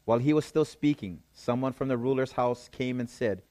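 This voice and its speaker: A man's voice: medium pitch, fairly quick, warm tone, dry recording. A man preaching a sermon, reading scripture aloud and explaining it, often checking in with his listeners. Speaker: pastor.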